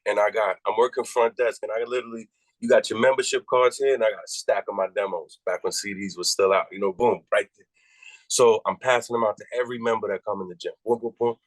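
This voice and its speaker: A man from Massachusetts, a rapper guest, telling a story in casual, profane talk and jumping high in pitch when he quotes his own reactions. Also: fairly even intonation, fast, no room sound, poor audio.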